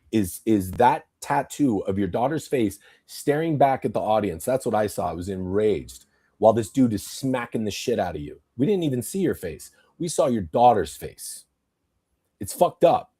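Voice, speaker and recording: A man's voice: on the low side, expressive, moderate pace, mellow, breathy edge. A man hosting a podcast, ranting angrily and profanely in an emphatic monologue. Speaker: podcast host.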